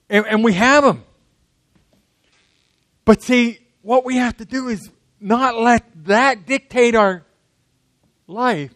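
A man's voice: high voice, a bit bright, no echo. A man preaching a sermon in a conversational way, often asking the congregation questions.

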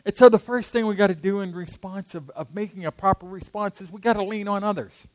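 A man with a notably high voice delivers a sermon, talking with the congregation and throwing questions at them. The sound is dry and close, with little room reflection. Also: a little fast, no echo. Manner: conversational, asks the congregation questions. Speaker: preacher.

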